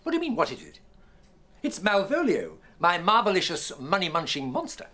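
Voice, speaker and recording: A man playing a dotty, excitable male inventor in a children's TV show, theatrical and full of exclamations and made-up grand words. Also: high voice, moderate pace, heavily acted. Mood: proud. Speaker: eccentric inventor. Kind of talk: children's TV acting.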